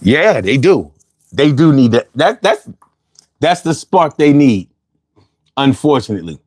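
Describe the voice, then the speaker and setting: A man's voice: mid-range voice, big pitch swings, unhurried, a little mellow, no echo, clean studio sound. A man hosting a casual livestream, reading out chat comments in a loose, slangy way and laughing often, a little bothered by allergies.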